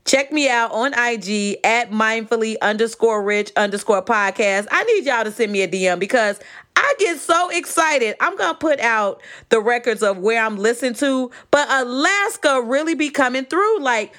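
A woman's voice: on the high side, normal speed. Chatty podcast woman from Chicago. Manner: chatty and animated, addressing listeners as "y'all". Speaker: podcast host. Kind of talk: casual solo podcast talk. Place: home.

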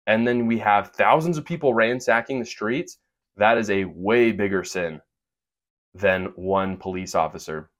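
Opinionated podcast man, low voice. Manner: earnest, opinionated, quick asides with fillers. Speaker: podcast host. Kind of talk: opinion monologue with sponsor read.

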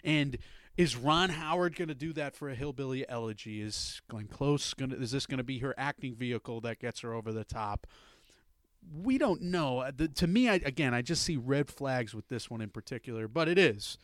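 A man's voice: medium pitch, animated, no echo. A man guesting on a film podcast, giving opinionated, wry takes in casual chat. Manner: opinionated, wry, quick asides.

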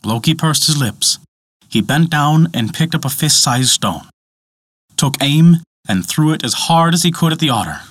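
A male storyteller narrating an old myth with dramatic flair. His pitch moves a lot, and the recording is dry with no room sound. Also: animated, moderate pace, a bit bright, no room sound.

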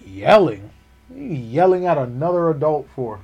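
A young man co-hosting a podcast, telling stories in casual chat, animated and swearing freely. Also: fairly high pitch, normal speed, vocal fry, slightly rough, dull audio. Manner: animated storyteller, acts out quotes loudly, swears freely. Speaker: podcast co-host.

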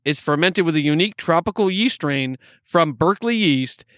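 A man's voice: fairly high pitch, animated, moderate pace, fairly bright tone, no room sound, studio quality. A man co-hosting a podcast in casual chat, joking and laughing often, with a slight New York accent. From upstate New York. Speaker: podcast co-host.

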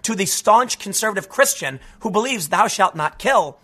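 A man giving a casual, animated commentary monologue, tossing in "dude" and "man" as he talks. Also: sits high, normal speed, slightly rough. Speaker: political commentator.

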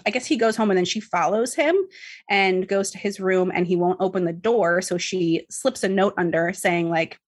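A woman's voice: on the low side, expressive, moderate pace, slightly rough. A woman casually recapping a story to a co-host, chatty, full of fillers and swearing. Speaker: podcast host recapping a book. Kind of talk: casual chat.

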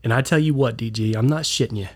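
A man's voice: mid-range voice, quick pace, breathy edge. A man chats on a podcast. His voice sounds stuffed up and congested from a clogged ear. He tells stories loosely and acts out the lines of people he quotes. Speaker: podcast co-host. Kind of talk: casual chat.

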